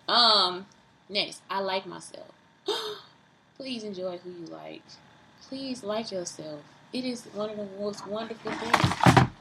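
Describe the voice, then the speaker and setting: A woman talking casually and profanely into her phone camera, lively, self-mocking and rambling. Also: medium pitch, unhurried, noisy background. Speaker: vlogger. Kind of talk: casual vlog monologue.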